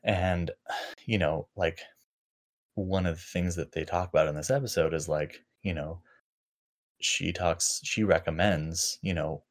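A man with a very deep, low voice talks through a personal memory in a loose, unscripted way. He circles back, restarts sentences and leans on lots of filler words as he thinks aloud. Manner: halting, full of fillers and restarts. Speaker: podcast co-host. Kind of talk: casual reflective chat.

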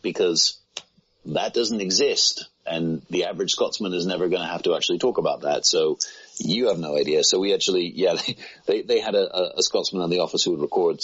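Male voice actor, extremely low, breathy-husky, rambling self-deprecating chat. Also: a bit bright. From United Kingdom. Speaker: voice actor guest. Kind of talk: casual conversation. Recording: muffled low-fidelity sound.

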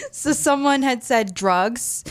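A woman co-hosting a morning radio show, chatting excitedly and laughing along. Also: on the high side, takes it slowly, clear, resonant tone. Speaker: radio co-host. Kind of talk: casual radio banter.

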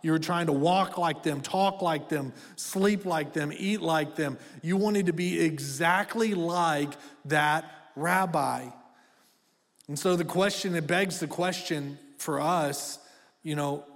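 A man in his thirties preaching a sermon as pastor, conversational and direct, asking the congregation to speak back. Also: fairly high pitch. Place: church auditorium. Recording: long reverb of a church hall.

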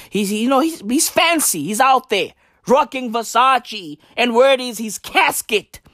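Vlogger, slow-talking, cursing rant with shouted outbursts, dry close sound. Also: mid-range voice, no room sound. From South Africa. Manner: sweary, slangy, bursts into shouted questions. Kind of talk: profane comedic rant.

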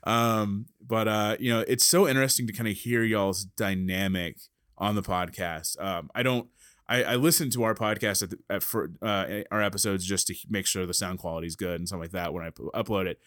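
A man hosting a podcast, chatting casually in a fairly low voice. He rambles through fillers and restarts and laughs often. The sound is close and dry. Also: fairly even intonation, fairly quick, a bit bright, dry recording. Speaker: podcast host. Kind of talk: casual chat.

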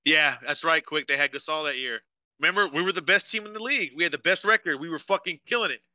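A man's voice: a little high, fast, pushed and bright, dry recording. A young man co-hosting a casual podcast, swearing a lot and ranting emotionally about sports to his live chat. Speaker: podcast co-host.

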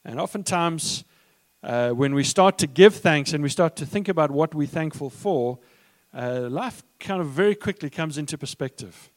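Male pastor, sermon, conversational, fairly high voice. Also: animated, moderate pace. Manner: conversational, with frequent fillers and restarts.

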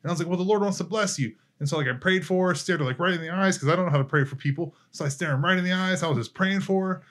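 In a high voice and at a very fast clip, a young man on a podcast tells his faith testimony casually. He animates the story by performing each line of dialogue and laughs with ease.

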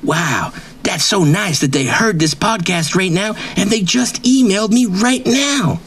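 A man's voice: high voice, a little slow, fairly bright tone, slightly rough, voice pushed up, heavily acted. Man doing a brash bragging wrestling writer. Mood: boastful. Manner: brash bragging, repeats catchphrases, drawls "man" constantly. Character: boastful swaggering male wrestling writer, self-proclaimed legend. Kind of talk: comedic improvised character bit.

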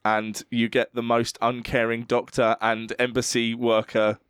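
A man's voice: medium pitch, monotone, measured pace, a bit bright, clear, resonant tone, no echo, clean studio sound. A man co-hosting a podcast in casual chat, swearing freely, laughing often and teasing his co-host.

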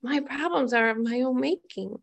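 A woman with a slightly higher voice shares her own recovery story. She talks candidly and pokes fun at herself, now and then turning to ask her listeners questions. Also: normal speed, gravelly. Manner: candid and self-mocking; conversational, asks the audience questions. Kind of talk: personal recovery testimony.

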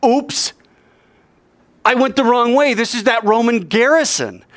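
A man's voice: very high voice, sing-song, takes it slowly, a bit bright, voice pushed up, heavily acted. A man voicing an ancient rabbi who answers a guard with bold wit. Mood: flustered. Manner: startled, then bold.

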